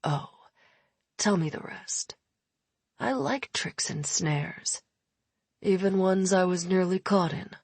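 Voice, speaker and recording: A woman's voice: lowish voice, takes it slowly, pauses often, a little mellow, slightly rough, no room sound, heavily acted. A woman voicing an arrogant young male faerie king in an audiobook, with a lazy, amused drawl. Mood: mocking. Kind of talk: audiobook character voice.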